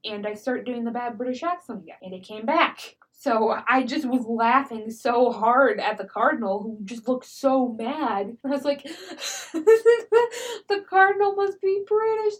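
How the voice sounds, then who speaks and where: A woman's voice: fairly high pitch, poor audio. A woman hosting a podcast, talking without a script in a chatty, rambling storytelling way into a microphone. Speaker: podcast host. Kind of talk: unscripted casual podcast monologue.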